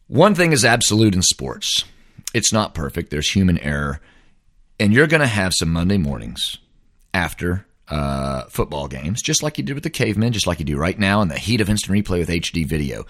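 A middle-aged man delivers a sports opinion monologue. His voice swings widely in pitch as he rants, sounding exasperated and emphatic. He stays blunt and heated throughout. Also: sing-song, brisk, fairly bright tone. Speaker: host.

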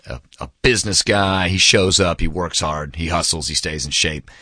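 A man in his forties chats through a book review, low-pitched but bright and forceful in tone. He tells stories with big enthusiasm and acts out the quotes. The sound is dry and close. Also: moderate pace, no room sound. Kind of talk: casual spoken book review.

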